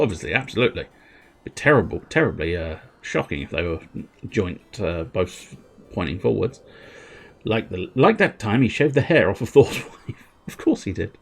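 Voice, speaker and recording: A man's voice: lowish voice, slightly rough. A man chatting on a gaming livestream in a wry, joking way and laughing often. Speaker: gaming streamer. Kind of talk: casual livestream chat.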